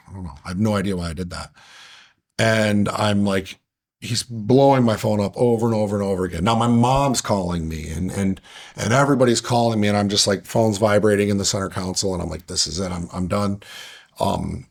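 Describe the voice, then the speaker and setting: A man earnestly recounting a hard personal story as a podcast guest, halting with restarts and fillers. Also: sits low, gravelly, slightly rough.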